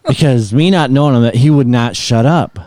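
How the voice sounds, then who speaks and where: A man's voice: medium pitch, a little fast, dark tone. A middle-aged man, a guest musician, telling a rambling story in casual chat and laughing often.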